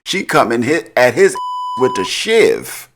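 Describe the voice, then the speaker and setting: A man's voice: medium pitch, wildly swooping pitch, slow pace. A man casually recapping a TV episode in slang, laughing often. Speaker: TV recap host.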